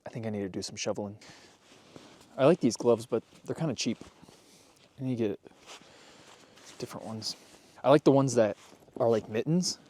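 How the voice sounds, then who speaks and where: A man's voice: medium pitch, normal speed, long pauses, warm tone. A man vlogging casually outside in the snow, playful and goofy, talking to his dog and his viewers. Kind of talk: casual vlog chat. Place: snowy yard outdoors.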